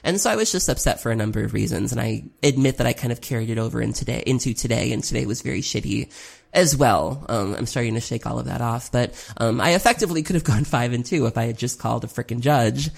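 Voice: medium pitch, fast, creaky. A card game player giving a casual spoken recap of a tournament, rambling with lots of "um"s, now and then swearing, and openly critical of their own mistakes. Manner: rambling, self-critical, frequent ums, occasional swearing.

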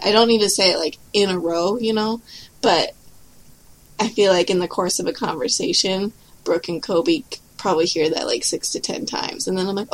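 A chatty woman speaking at an ordinary middle pitch. She is a guest on a casual podcast, and her talk is loose and friendly, peppered with "like" and small laughs. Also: normal speed, poor audio. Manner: chatty, light laughs, many "like" fillers. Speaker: podcast guest, card game player.

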